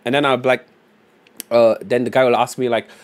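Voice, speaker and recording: A young Singaporean man streams live, chatting casually, joking, and rambling with lots of fillers and "bro." His mid-range voice moves little in pitch and runs a little fast.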